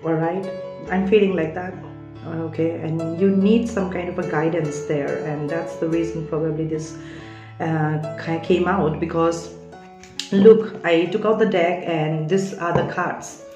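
Woman, lowish voice, earnest tarot-reading monologue; roomy, dull lo-fi recording with faint music behind. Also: fairly even intonation, a little slow. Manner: earnest, keeps checking in with "all right?". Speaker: tarot card reader.

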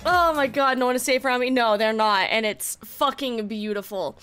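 A woman streaming and chatting, giddy, laughing a lot and swearing as she talks in excited bursts. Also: on the high side, normal speed, few pauses, smooth. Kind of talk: excited casual stream chat.

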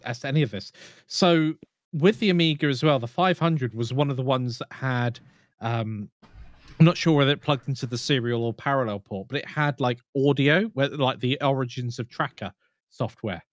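A man's voice: medium pitch, normal speed, no room sound, studio quality. A man co-hosting a casual video-call podcast, reminiscing in a chatty way. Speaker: podcast co-host. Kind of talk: casual chat.

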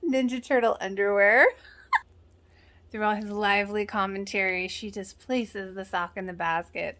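A woman's voice: medium pitch, steady tone, moderate pace, fairly bright tone. A woman casually recapping a sitcom episode in a chatty, giggly way, often acting out the characters' lines. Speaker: reaction channel host.

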